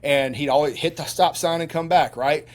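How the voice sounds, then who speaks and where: A middle-aged man speaks as a guest in a casual interview, telling stories in a lively, rambling way. His voice sits fairly high for a man, and he keeps breaking up his sentences with fillers and restarts. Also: moderate pace. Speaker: guest, military veteran.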